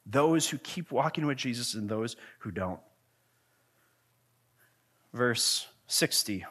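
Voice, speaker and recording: A male pastor delivering a sermon in an earnest, conversational way, swinging from quiet, low passages to loud, emphatic questions. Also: expressive, takes it slowly, slightly rough. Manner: earnest, conversational preaching with frequent restarts.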